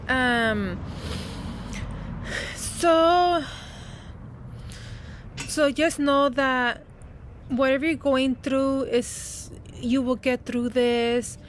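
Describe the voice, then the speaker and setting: A woman's voice: on the high side, slight background noise. A woman talking outdoors as a spiritual coach in a casual, heartfelt vlog, rambling and comforting with many fillers.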